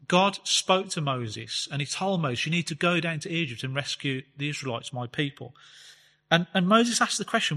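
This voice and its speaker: Bright man teaching scripture. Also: fairly high pitch. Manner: reads scripture slowly, explains in a chatty way with fillers. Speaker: Bible teacher. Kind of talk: conversational Bible teaching talk. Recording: long reverb, hall-like space.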